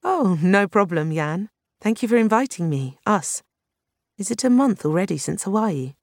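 A woman's voice: mid-range voice, expressive, moderate pace, dry recording, clean studio sound. A reader voicing a nervous woman astronomer who gabbles when she is out of her depth. She talks in eager, breathless, self-deprecating bursts. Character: nervous, chatty woman astronomer visiting the moon.

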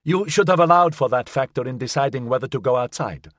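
A man's voice: mid-range voice, animated, brisk, fairly bright tone, no echo, studio quality, close to an everyday voice. A man reading an audiobook, voicing a slick, condescending male official who coolly needles the woman he questions. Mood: cold.

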